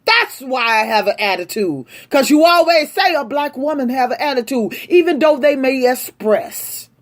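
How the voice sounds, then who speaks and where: A woman delivering an impassioned, angry rant straight to her audience, speaking forcefully. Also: high-pitched, animated, normal speed. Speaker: vlogger. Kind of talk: impassioned direct-to-camera rant.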